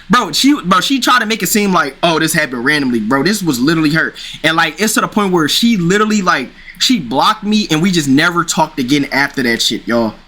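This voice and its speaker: A man's voice: a little high, a bit bright. A young man casually telling a rambling personal story, full of slang and restarts. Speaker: streamer.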